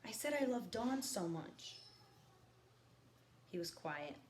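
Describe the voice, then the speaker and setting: A woman teacher reading a novel aloud to her students, stopping for quiet teaching asides. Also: mid-range voice, lively intonation, takes it slowly. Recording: echoey room with faint background noise.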